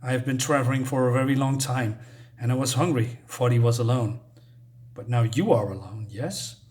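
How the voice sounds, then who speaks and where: A man voicing an ancient, hungry creature in a comic, speaking calmly and coaxingly. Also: mid-range voice, moderate pace, lightly acted.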